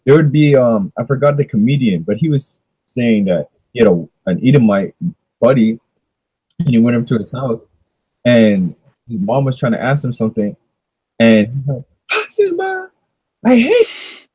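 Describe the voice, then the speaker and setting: A man's voice: medium pitch, warm tone, husky, no room sound, rough recording. A man leading a casual religious discussion, preaching in a slangy way full of rhetorical questions.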